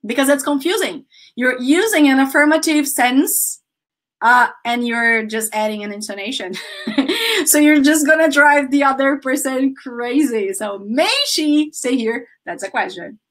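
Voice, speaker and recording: A woman with a Brazilian Portuguese accent teaching an English grammar lesson, lively and laughing often as she drills students with example sentences. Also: sits high, moderate pace.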